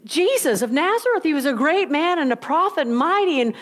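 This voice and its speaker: Two downcast travellers, as a woman preacher plays them, tumbling through an anxious explanation in a raised voice. The words come quickly, with stumbling repeats. It is acted out inside a sermon. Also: high voice, big pitch swings, pitched above the performer's own voice.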